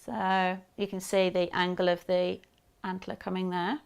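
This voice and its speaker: A woman's voice: lowish voice, little pitch movement, unhurried, vocal fry, clean tone. A middle-aged woman with a Black Country accent, chatting casually while demonstrating sewing, rambling with fillers and restarts.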